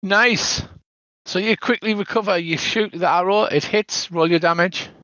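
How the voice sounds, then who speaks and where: A man's voice: high-pitched, moderate pace, pushed and bright, no room sound. An older man running a tabletop game as game master, narrating the scenes at length and now and then adding "so there is". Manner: descriptive, tosses in "so there is". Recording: dull lo-fi dry sound.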